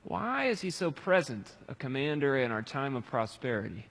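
A man preaching a sermon, swinging between loud pleading cries and quiet, reflective reading. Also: mid-range voice, sing-song, moderate pace, creaky, husky, big-room sound. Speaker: pastor.

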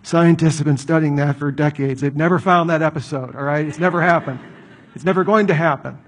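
A man's voice: on the high side, fairly even intonation, fairly quick, breathy edge. A middle-aged man preaching a sermon, telling stories in a conversational way and asking rhetorical questions. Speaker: pastor.

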